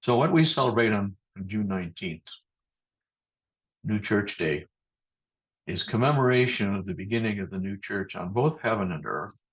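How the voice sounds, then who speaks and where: A man giving a thoughtful sermon as pastor over a video call, speaking in a measured way with pauses and restarts. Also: lowish voice, expressive, a bit bright, breathy edge. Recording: muffled video-call audio.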